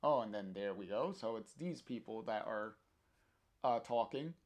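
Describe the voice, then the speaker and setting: A man's voice: fairly low pitch, lively intonation, moderate pace. A man reading a comic aloud on a stream, narrating the panels hesitantly with many fillers.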